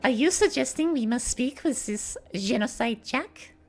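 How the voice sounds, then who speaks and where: A woman's voice: a little high, animated, a little slow, darkish tone, slight background noise, voice pushed up. A woman voicing a formal, poised young character in a raised voice, practicing lines on stream. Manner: stiff, formal delivery.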